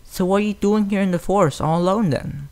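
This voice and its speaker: A man voicing a bold, tomboyish young filly in a storybook reading, brash and excited. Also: high voice, brisk, pitched above the performer's own voice.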